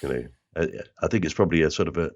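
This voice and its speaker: A man's voice: a bass voice, racing. An older man from South London with a London accent, telling stories as an interview guest and slipping into other people's voices. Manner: animated storyteller who slips into other people's voices. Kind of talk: casual interview chat.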